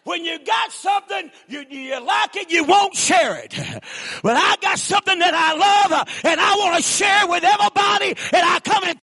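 A man preaching a revival sermon in a folksy way, often shouting and laughing between lines. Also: extremely high pitch, moderate pace. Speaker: guest preacher.

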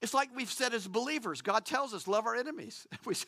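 A man's voice: very high-pitched, animated, brisk, sharp tone. A man preaching a sermon, emphatic and repetitive, acting out quoted lines.

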